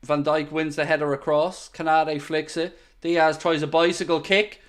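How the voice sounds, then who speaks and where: A young man giving live football commentary during a watchalong stream, talking to his viewers between plays and groaning loudly at near misses. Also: on the high side, normal speed. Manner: excitable, bursts into loud groans at near misses, chatty asides to viewers. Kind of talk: live match commentary with chat.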